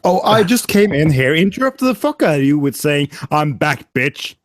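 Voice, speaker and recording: A man's voice: sits high, big pitch swings, fairly quick. A man with a Norwegian accent, chatting casually and crudely joking with friends. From Norway. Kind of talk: casual chat.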